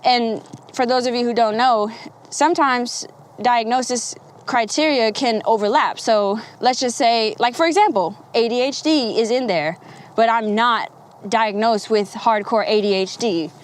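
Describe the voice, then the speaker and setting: Young woman vlogger, fairly high voice, loose and rambling, swears freely. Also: unhurried. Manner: rambling, candid, swears freely, laughs often. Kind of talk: candid casual talk to camera.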